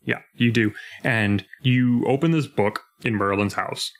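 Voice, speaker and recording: A young man co-hosting a casual podcast, animated and jumping into mock voices as he retells scenes. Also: lowish voice, measured pace. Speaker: podcast co-host. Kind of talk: casual chat.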